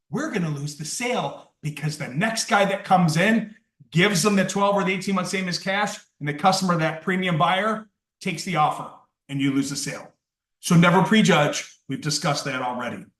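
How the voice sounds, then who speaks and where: A man's voice: high-pitched, fairly bright tone. A man training contractors in sales, talking with energy and acting out customer dialogue. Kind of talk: coaching session for contractors. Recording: roomy, distant from the mic.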